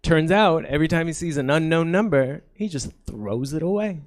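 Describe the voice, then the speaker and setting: Apologetic stand-up comic from Ukraine. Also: male voice, on the high side, moderate pace. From Soviet Union, Ukraine. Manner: self-deprecating, apologetic asides. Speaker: stand-up comedian. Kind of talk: stand-up set. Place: comedy theater stage, live audience.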